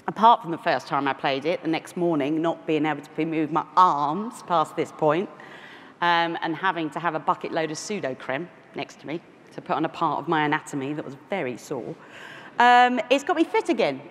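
A woman in her forties from London, with a London accent, giving a conference keynote full of self-deprecating asides and restarts. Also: low voice. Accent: London English. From London, England. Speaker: keynote speaker. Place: large conference hall. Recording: echoey hall with faint noise.

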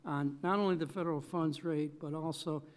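A man's voice: fairly high pitch, steady tone, fairly quick. A middle-aged man giving expert economic testimony at a public hearing, talking with many fillers and self-corrections.

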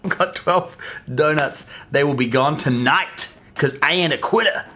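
A man vlogging casually to camera from a hotel room, chatty and excitable, laughing often. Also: fairly high pitch, measured pace. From New Zealand. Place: hotel room during quarantine.

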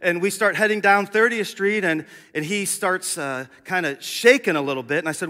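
A man preaching a sermon in a church sanctuary, his voice bright and pitched high. He tells a story with animated, acted-out dialogue. The sound carries a long reverb from the hall. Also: fairly quick, few pauses. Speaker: pastor.

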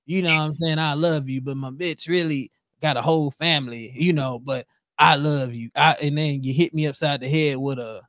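A man hosting a podcast, ranting in casual chat, animated and heavy with profanity. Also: fairly high pitch, normal speed, few pauses, no room sound, studio quality. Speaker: podcast host.

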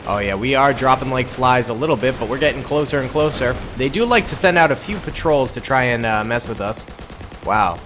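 A young man giving excitable, casual commentary over a battle game, with sudden loud outbursts and slang. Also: medium pitch, quick pace, a little hiss or hum. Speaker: gaming YouTuber.

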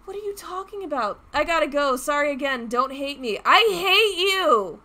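A young woman gamer with a high, lively-pitched voice that has a crisp, bright edge. She talks casually through a game, reading its lines aloud and breaking into loud profanity. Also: brisk. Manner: reads game text aloud, swears in loud outbursts. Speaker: gamer recording a let's play. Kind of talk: casual gameplay commentary.

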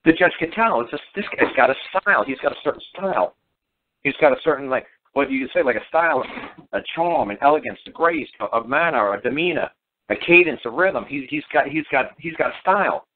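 A man's voice: mid-range voice, lively intonation, a little fast. A middle-aged man telling stories in a rambling, casual way, repeating words and acting out quoted dialogue. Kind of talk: casual storytelling talk. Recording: tinny phone-line sound.

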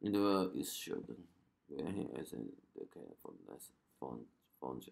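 A man giving casual reaction commentary in halting English, with quick amazed exclamations. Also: rumbling low, big pitch swings, creaky. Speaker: reaction video host.

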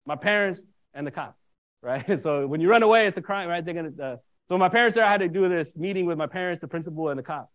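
Fast-talking, high-voiced minister telling a story. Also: male voice. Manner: animated, keeps checking in with listeners. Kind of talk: storytelling sermon.

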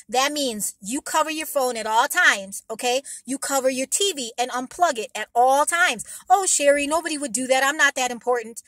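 A woman's voice: high-pitched, a bit bright, no echo. A woman vlogger giving rambling, emphatic advice to her viewers in a casual monologue, blunt and sometimes swearing.

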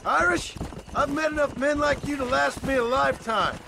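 An actor playing a terse, hardened outlaw gunslinger in a western video game, speaking with a dry, blunt edge. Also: male voice, extremely high pitch, normal speed, gravelly. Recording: game audio under background noise.

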